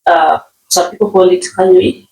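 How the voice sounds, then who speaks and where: A woman's voice: lowish voice, steady tone, normal speed, gravelly, darkish tone. A woman from Nyeri with a Kenyan accent, teaching household words in a casual lesson, repeating words and often checking with "okay?". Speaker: language teacher. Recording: roomy, distant mic.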